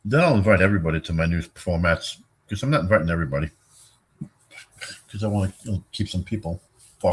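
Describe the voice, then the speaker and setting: A man's voice: sits low, fast, long pauses, husky. A tired older man hosting a rambling, profane late-night livestream, chatting loosely with his viewers and yawning. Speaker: livestream host.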